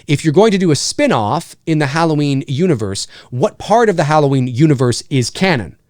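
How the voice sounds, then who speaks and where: Male host, lively pitch, rambling Q&A chat, dry close sound. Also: fairly quick, dry recording. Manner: animated, rambling, repeats himself. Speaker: livestream host answering viewer questions. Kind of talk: casual livestream chat.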